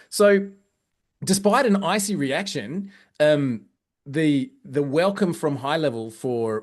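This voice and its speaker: Chatty Australian man telling stories. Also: mid-range voice. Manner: lively, chatty, many fillers and restarts. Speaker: company growth director. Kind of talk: casual anecdotal storytelling.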